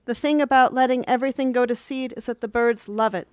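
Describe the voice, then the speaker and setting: Woman in her 30s, somewhat high and smooth voice, dry close sound; measured, reflective literary reading of her journal. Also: steady tone, a little mellow, no room sound. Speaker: reader of her own journal. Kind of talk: literary reading of diary entries.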